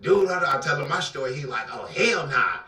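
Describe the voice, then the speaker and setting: A man with an Atlanta accent telling a dramatic personal story in an interview, acting out the voices and swinging between loud outbursts and near-whispers. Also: a little high, lively intonation, fairly quick. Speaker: guest telling his life story. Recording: roomy, somewhat distant mic.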